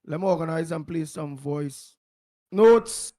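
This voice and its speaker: A man hosting a live call-in show, exclamatory and loud. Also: on the high side, a little slow, soft background music. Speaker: talk show host.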